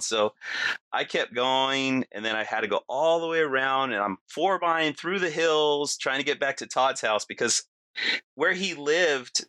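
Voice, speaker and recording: In a casual chat, a man tells a long personal story with animation, acting out quotes and often tacking on "you know" and "right." His pitch is medium, and the recording is dry.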